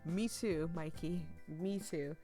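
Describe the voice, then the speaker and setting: A woman with a low voice who is losing her voice, reading a visual novel aloud with chatty, anxious asides and frequent stumbles. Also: slow pace, warm tone, soft background music. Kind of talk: chatty game commentary and narration.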